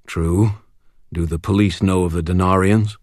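A man voicing a devout, calm male knight who speaks slowly and earnestly in an audiobook. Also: deep voice, dry recording, clean studio sound, natural voice.

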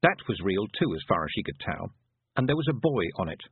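A man narrating a fantasy storybook with an expressive, varied delivery. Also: fairly low pitch, fairly quick, slightly rough, dry recording. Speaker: audiobook narrator. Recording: tinny phone-like dry recording.

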